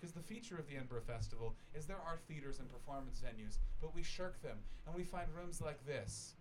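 A man's voice: a little high, lively intonation, a little fast, a little hiss or hum. A Canadian man doing stand-up comedy in a small festival venue, telling a long rambling, self-deprecating story full of swearing and acted-out voices. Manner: rambling, self-deprecating, swears freely, acts out voices of the people in his stories. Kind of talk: stand-up storytelling to a live audience.

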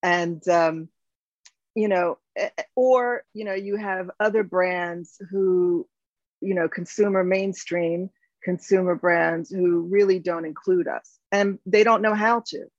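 With a fairly low, steady voice and a slow pace, this American woman in her fifties, a company founder, reflects during an interview, often restarting and using fillers. There's no room sound, though the audio is dull and slightly lo-fi.

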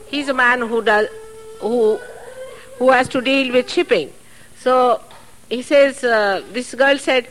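Lively-voiced woman giving a spiritual talk. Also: a little high, normal speed, pauses often, poor audio. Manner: earnest, chatty asides, soft laughs. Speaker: spiritual teacher. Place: public hall. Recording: archive recording.

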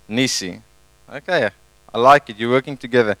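A male pastor giving a conversational, animated sermon and retelling a scripture story in his own words. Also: mid-range voice, normal speed, no echo, rough recording. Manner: conversational, animated, tag questions.

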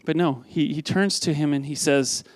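A man delivers a sermon in a relaxed, conversational way, pitched a little higher than most men. His words often double back on themselves as he thinks aloud. He keeps checking in with the congregation, and the recording is dry and close. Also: normal speed, no room sound. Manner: lively, repeats words, asks the congregation questions. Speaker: pastor.

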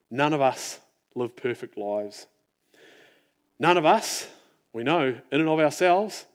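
A man preaching a sermon in an earnest, reflective way, often dropping his voice to a near-hush. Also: mid-range voice.

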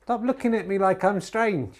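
Brief: male podcast host, dry ironic mock commentator, halting delivery full of "uh"s, home recording. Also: high-pitched. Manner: rambling, many filler pauses; deadpan ironic humour. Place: home TV room.

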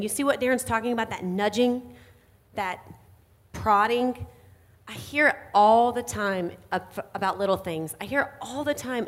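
A middle-aged woman giving an earnest, confessional sermon, animated when she quotes herself. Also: medium pitch. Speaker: pastor's wife, co-speaker.

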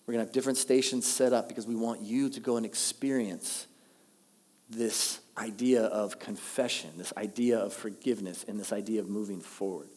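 A man's voice: fairly low pitch, moderate pace, slightly rough. Man preaching in a reverberant hall. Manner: animated storytelling, acts out quoted lines. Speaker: pastor. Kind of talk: sermon.

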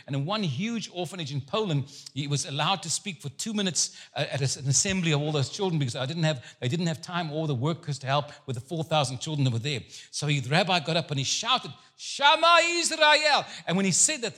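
A man with a husky voice preaches to a congregation. His pitch sits a little high and swings widely as he tells stories and jokes. He speaks as a guest preacher at a service. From Jewish background. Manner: animated, joking storyteller. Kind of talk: sermon.

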